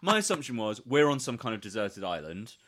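A man playing a tabletop game who thinks his plan through out loud. His pitch is animated and moves freely. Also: a little fast. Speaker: player. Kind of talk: casual tabletop game chat.

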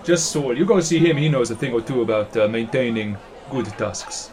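A man's voice: mid-range voice, expressive, moderate pace, darkish tone, a faint crowd, slight background noise, natural voice. A man voicing a friendly male giant tavern patron, with music behind. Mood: reassuring.

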